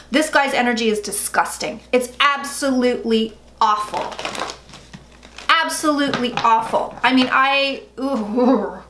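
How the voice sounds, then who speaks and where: A woman's voice: high voice, sharp tone. Chatty psychic woman, echoey room. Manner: chatty, blunt, swears freely. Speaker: psychic tarot reader. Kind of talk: casual tarot reading monologue. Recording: echoey room with faint noise.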